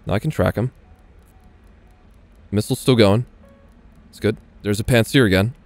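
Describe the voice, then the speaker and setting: A man's voice: fairly low pitch, moderate pace, dry recording, faint music behind. A man giving casual, swearing gameplay commentary as he plays, talking half to himself and half to viewers. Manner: muttering, swearing asides to viewers. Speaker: gaming video creator.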